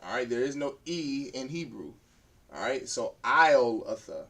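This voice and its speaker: A man's voice: medium pitch, animated, a little slow, a bit bright. A man teaching a beginner language class, sounding out words syllable by syllable and repeating them as he writes on a board. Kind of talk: classroom lesson at a whiteboard.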